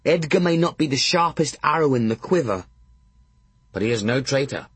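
A man's voice: medium pitch, lively intonation, moderate pace, slightly rough, dry recording. A man narrating a first-person audiobook in a wry, dry storytelling manner.

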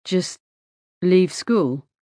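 A woman's voice: lowish voice, expressive, very slow, dark tone, no echo, studio quality. A woman reading the part of a sullen, scornful teenage boy who answers in curt mumbles.

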